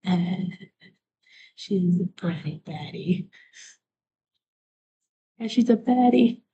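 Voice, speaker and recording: A woman live streamer rambling through a story in a soft, half-whispered way, often trailing off. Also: on the low side, lively intonation, drawn-out words, lo-fi sound, background noise.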